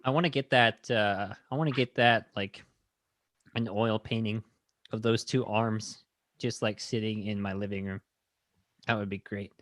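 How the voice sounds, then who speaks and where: A man's voice: lowish voice, fairly even intonation, measured pace, fairly bright tone, no echo, studio quality. A man hosting a film podcast, recapping a movie in a rambling, enthusiastic way. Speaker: podcast host. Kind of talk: casual film review chat.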